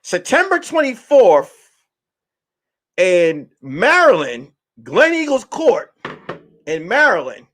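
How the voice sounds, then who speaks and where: Man, high voice, swings all over, casual vlog chat, loose and animated, comedian talking to viewers. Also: slow, long pauses. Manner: loose and animated, bursts into song and mock voices. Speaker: comedian and vlogger.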